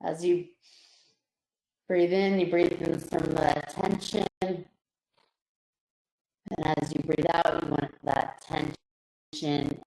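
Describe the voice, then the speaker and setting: A woman psychologist guiding listeners through a relaxation exercise, calm and slow, her voice softening on each release. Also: on the low side, vocal fry. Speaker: psychologist presenter. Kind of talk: guided relaxation instruction. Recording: roomy echo.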